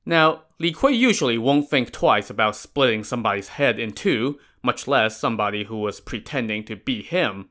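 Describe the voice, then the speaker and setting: A man's voice: mid-range voice, animated, moderate pace, hardly any pauses, fairly bright tone. A man narrating a classic tale in a conversational, wry storytelling style with casual asides. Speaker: podcast narrator.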